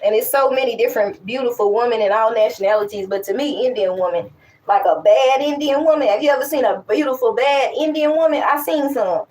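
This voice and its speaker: A young woman talking casually and candidly to her viewers, animated and rambling, with frequent restarts. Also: on the high side, a little fast, recorded from a distance, poor audio. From West Africa. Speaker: vlogger. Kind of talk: casual chat to camera.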